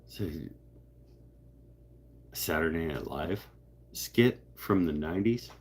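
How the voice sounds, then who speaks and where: Husky low-voiced man chatting on a livestream. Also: unhurried, pauses often. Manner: rambling, joking, self-interrupting. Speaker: livestream host. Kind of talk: casual chat reading live comments.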